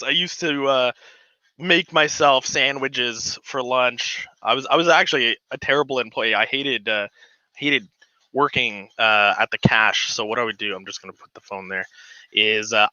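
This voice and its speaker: Bright-voiced, rambling livestream host. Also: male voice, mid-range voice, a little slow, no echo, dull audio. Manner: rambling, chatty, lots of fillers; gets excited and giddy. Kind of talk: casual livestream chat. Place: home model railroad room.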